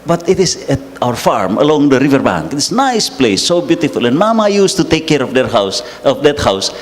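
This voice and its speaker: A Filipino priest with a Filipino accent telling a personal story in an emotional sermon, laughing at himself. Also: male voice, medium pitch, big pitch swings, normal speed. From Philippines. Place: church hall. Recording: reverberant hall, faint noise.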